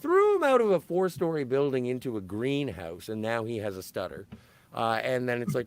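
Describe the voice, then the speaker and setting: Lively, animated man recapping a film. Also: medium pitch, normal speed, no room sound. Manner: animated, self-correcting storyteller. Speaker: podcast co-host. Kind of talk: casual film-recap chat.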